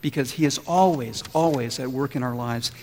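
A man's voice: mid-range voice, normal speed, a little mellow, slight background noise. A man preaching a sermon as pastor, asking the congregation questions and telling a story. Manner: asks the congregation questions and lets them answer. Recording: long reverb from a large room.

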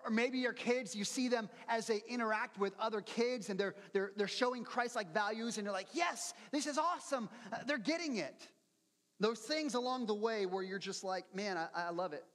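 Higher-voiced pastor in a reverberant hall. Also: male voice, steady tone, normal speed, fairly bright tone. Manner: conversational, earnest, repeats words when starting sentences. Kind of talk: sermon.

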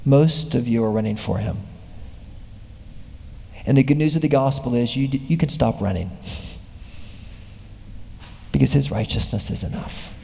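A man's voice: mid-range voice, normal speed, gravelly, long pauses. A man preaching a sermon, retelling a story with growing animation. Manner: animated storytelling, voice rising with excitement. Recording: long hall reverb.

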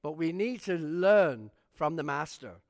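Casual: guy pastor with a high voice preaching, tells stories and does everyone's lines, gets loud then drops low. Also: measured pace. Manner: animated preacher acting out quoted voices. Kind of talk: storytelling sermon.

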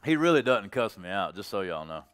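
A man preaching a sermon to his congregation in a folksy, plainspoken way. He jokes with the listeners and swings from low, soft phrases to loud, high bursts. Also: big pitch swings, a little fast, clear, resonant tone. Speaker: pastor.

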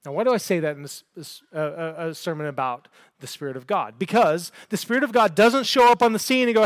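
A man's voice: high-pitched, brisk, no room sound, clean studio sound. A man preaching a sermon in a church, earnest and given to repeating words as he builds a point. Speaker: pastor. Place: church sanctuary.

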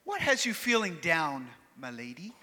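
Man doing a quaint old-world shopkeeper, courtly, high, bright and very lively voice, booming hall reverb. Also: moderate pace, full character voice. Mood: reassuring. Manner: quaint formal phrasing, earnest reassuring. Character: courtly old-world male shopkeeper, puzzled by modern things. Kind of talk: live church camp skit.

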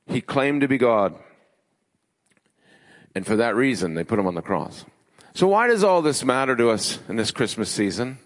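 A man preaching a sermon as pastor, emphatic, building his lists with rising pitch. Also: very animated, normal speed, long pauses. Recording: long hall reverb.

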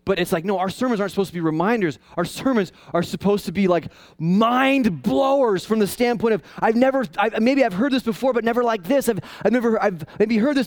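A male pastor preaching a casual, conversational sermon that swings into high, excited tones. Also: no echo.

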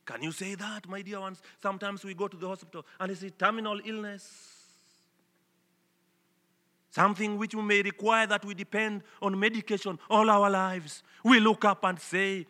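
A man from Kenya preaching a sermon, swinging between loud emphatic declarations and soft, earnest appeals. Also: high-pitched, normal speed. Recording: long hall reverb.

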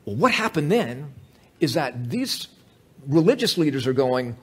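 Male Bible teacher, slightly high and husky, lively storytelling delivery. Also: a little slow. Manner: animated, emphatic, asks the listeners questions.

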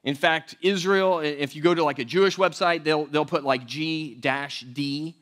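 A man preaching a verse-by-verse sermon in a conversational way, with joking asides and big swings between loud and quiet. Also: a little high, fairly even intonation, normal speed. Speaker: pastor.

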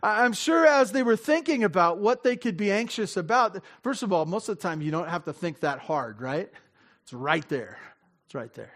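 A man's voice: high voice, lively intonation, moderate pace, a bit bright. A man giving a conversational sermon as pastor, self-interrupting, often laughing, acting out small dialogues, and asking the audience questions. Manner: asks the audience direct questions.

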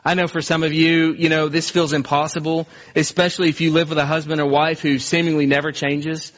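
A man delivers a sermon in a somewhat high voice, earnest and unhurried, slowing down to lean on key phrases. The sound is a little dull and lo-fi. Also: flat delivery, a bit bright. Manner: earnest, acts out everyday scenes, slows for emphasis. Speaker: preacher.

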